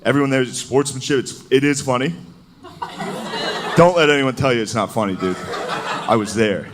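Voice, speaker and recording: A male stand-up comedian on a live stage, rambling in a loose, profane, chatty way with lots of "dude." His voice sits at a middling pitch. It is caught on a handheld mic in a recording with clear background noise. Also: normal speed.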